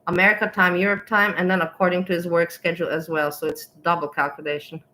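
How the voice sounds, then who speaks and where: A woman's voice: lowish voice, level tone, fast talker, background noise. A scornful woman commenting bluntly. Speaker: host reacting to a stream. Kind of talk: casual commentary.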